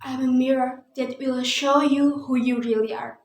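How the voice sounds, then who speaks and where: A young woman with an Indonesian accent voicing a bold, mysterious wandering mystic man in a read-aloud story, declaring his lines loudly. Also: sits high, fairly even intonation, moderate pace, lightly acted. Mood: calm mysterious. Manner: loud, forceful declarations. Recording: roomy echo.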